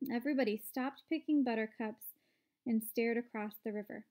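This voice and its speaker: A woman narrating a children's book aloud in a steady, clear way. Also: on the high side, moderate pace. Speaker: storyteller. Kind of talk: read-aloud storybook narration.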